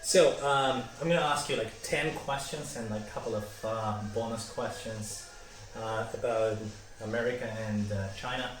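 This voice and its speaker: A man's voice: medium pitch, steady tone, moderate pace. A man hosting his channel, interviewing a guest with loose questions full of fillers. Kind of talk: casual interview. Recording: echoey, distant, with ambience.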